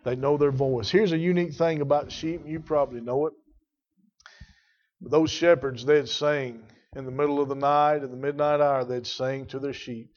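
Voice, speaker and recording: A man preaching a Baptist sermon, telling stories in a folksy way that drops to a hush and rises to a shout. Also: fairly even intonation, moderate pace. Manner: folksy storytelling, swinging from hushed to booming. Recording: dull lo-fi recording.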